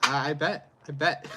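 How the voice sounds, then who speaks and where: A man's voice: medium pitch, noisy background. A man with a Canadian accent, chatting casually and hesitantly as he reviews a beer on a livestream. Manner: rambling, hesitant, chuckling.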